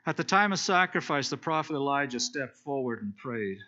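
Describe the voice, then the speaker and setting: Bright-voiced man preaching casually, lo-fi. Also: mid-range voice, lively intonation, moderate pace, hardly any pauses. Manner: casual and explanatory, with fillers and restarts. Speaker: preacher teaching a Bible study. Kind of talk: conversational sermon, retelling scripture. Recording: dull lo-fi recording.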